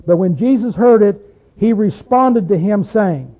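A preacher with a high voice delivers his sermon, firing questions at his listeners. He swings from loud bursts to near-hushed lines. The sound is thin and tinny, like it came over a phone. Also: animated, a little slow.

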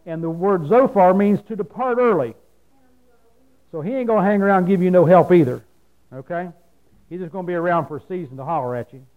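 A man's voice: sits high, phone-quality sound. A man preaching a sermon in a folksy, plain-spoken way, asking his listeners questions and answering them himself.

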